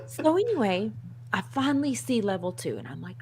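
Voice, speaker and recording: A woman co-hosting a casual chat show, telling a story in an animated, self-mocking way and laughing often. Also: mid-range voice, brisk, a loud crowd. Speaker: co-host.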